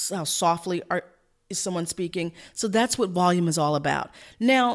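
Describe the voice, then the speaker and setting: Energetic woman coach talking fast. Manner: energetic, emphatic, varies pitch to illustrate points. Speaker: communication coach and host. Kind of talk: instructional talk.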